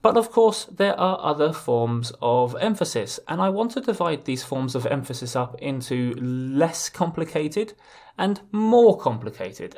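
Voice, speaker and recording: Man teaching a video lesson. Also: mid-range voice. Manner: explanatory, with restarts. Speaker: legal English teacher.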